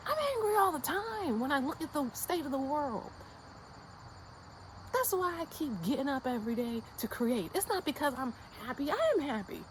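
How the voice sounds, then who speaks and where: A high, expressive female voice at a moderate pace comes through a rough recording with a bit of hiss or hum. The American YouTube creator is fired up, delivering a blunt, slang-heavy motivational rant to her channel and hammering points through repetition.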